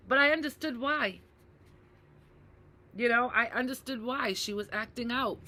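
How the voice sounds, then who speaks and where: A woman talking earnestly to her viewers, reflective and slow to repeat key phrases, often checking in with "right?" and addressing them as "you guys". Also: on the high side, animated, pushed and bright. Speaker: mental health advocate. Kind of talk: personal talk to camera.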